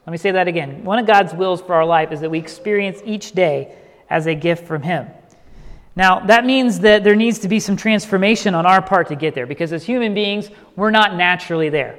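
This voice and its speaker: A male pastor with a fairly high voice delivers a sermon in a relaxed, conversational way, often checking in with "okay" and "you know." His voice carries a long reverb, as in a church sanctuary. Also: a little fast.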